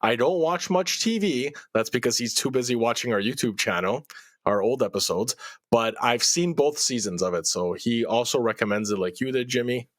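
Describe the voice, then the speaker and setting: A man co-hosting a casual podcast, reading out listener mail with quick asides and chuckles. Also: mid-range voice, fairly bright tone, no room sound.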